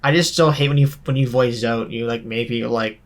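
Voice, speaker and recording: A man's voice: medium pitch, steady tone, moderate pace. A man co-hosting a let's play, chatting casually and a bit hesitantly about games. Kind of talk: casual chat while gaming.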